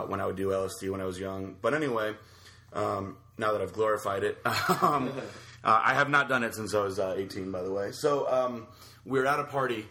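A man co-hosting a podcast, telling a story in a rambling, halting way with many fillers. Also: on the low side, pushed and bright. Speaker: podcast co-host. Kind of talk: casual storytelling chat.

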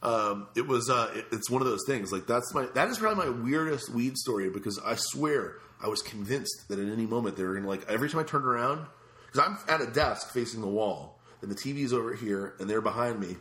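A man's voice: mid-range voice, lively intonation, fairly quick, a bit bright. A man telling a long rambling story in casual chat, with many fillers and restarts. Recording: echoey room.

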